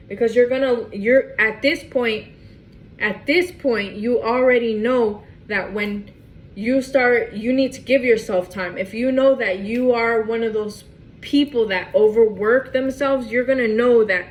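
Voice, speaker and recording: A woman's voice: on the high side, a little slow, low-quality recording. A woman doing a casual tarot reading to camera, emphatic and repetitive, often restarting her phrases. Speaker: tarot reader.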